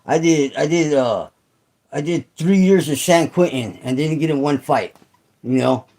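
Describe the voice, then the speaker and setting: A middle-aged man hosts a casual livestream chat for his channel, his fairly high, warm voice moving at a measured pace despite poor audio. He rambles and swears, with frequent fillers and restarts.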